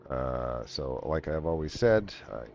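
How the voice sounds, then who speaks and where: A man running a tabletop game as game master, matter-of-fact and quick to chuckle at his players. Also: very deep voice, lively intonation, creaky, darkish tone, a little hiss or hum. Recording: muffled online call audio.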